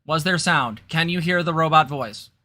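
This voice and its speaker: A woman's voice: low voice, moderate pace, sharp tone. A woman co-host talking casually in a chatty, conversational way. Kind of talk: casual commentary.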